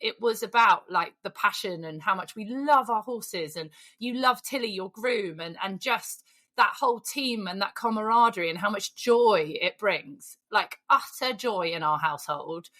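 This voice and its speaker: A woman's voice: mid-range voice, moderate pace, fairly bright tone. A British woman hosting a podcast, effusive and emotional, chatting casually with the odd swear word. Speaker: podcast host. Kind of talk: casual chat.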